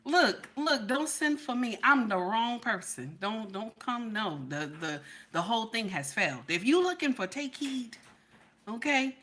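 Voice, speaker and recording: A middle-aged woman chatting casually with her livestream viewers, animated and playful, often laughing and repeating herself with a questioning "okay?". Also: fairly high pitch, unhurried. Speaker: livestream host.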